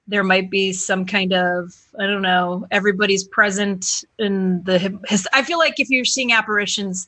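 A woman with a bright, ringing voice and an Upper Midwest accent chats casually as a podcast guest. Her talk wanders, halts and restarts, at a middling pitch for a woman. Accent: Upper Midwest American. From Wisconsin, USA. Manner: rambling, halting, many restarts. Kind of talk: casual chat.

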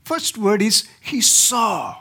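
A man's voice: high voice, sing-song, takes it slowly, pushed and bright, breathy edge. A man from India with an Indian accent, preaching as a guest speaker and joking with the congregation. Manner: joking, asks the congregation questions. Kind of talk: sermon.

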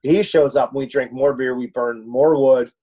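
A man's voice: mid-range voice, fairly even intonation, normal speed, warm tone, husky. A man co-hosting a podcast, telling a rambling story in casual chat, swearing and laughing often. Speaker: podcast co-host.

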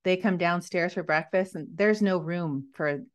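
A woman in her forties speaks as a guest in a casual interview. She rambles and restarts her sentences but stays enthusiastic. Her voice sits a little low. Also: moderate pace. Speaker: guest, mother. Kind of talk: conversational interview.

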